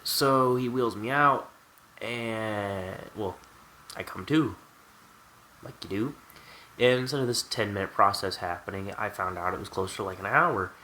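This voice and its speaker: Male vlogger, low-ish bright voice, candid wry storyteller. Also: unhurried, a little hiss or hum, poor audio. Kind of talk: storytime vlog.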